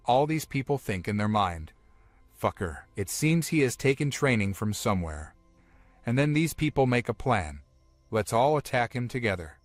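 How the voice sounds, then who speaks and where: A man's voice: mid-range voice, dry recording. A man steadily retelling a comic story as a scripted recap narrator, in plain, simple phrasing.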